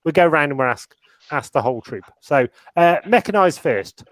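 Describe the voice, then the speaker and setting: A man's voice: a little high, expressive, normal speed, dry recording. A man hosting an interview, asking questions with an enthusiastic, upbeat manner. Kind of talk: casual interview.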